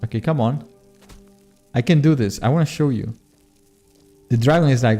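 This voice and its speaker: With soft music in the background, a male streamer and modpack creator talks at a normal speed in a warm, mid-range voice. His live gameplay chat is casual and self-deprecating, peppered with swearing and laughter at himself.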